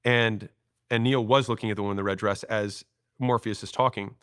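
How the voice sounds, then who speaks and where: A man in his thirties, a podcast guest, telling stories and acting out quoted lines in an animated way. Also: on the low side, brisk, smooth, dry recording, clean studio sound. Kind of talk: storytelling interview talk.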